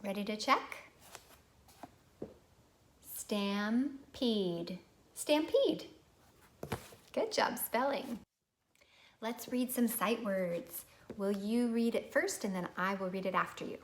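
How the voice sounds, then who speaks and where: A woman's voice: mid-range voice, a little slow, fairly bright tone, a little hiss or hum. A woman teaching a recorded phonics lesson to young children, patient and prompting them to repeat words.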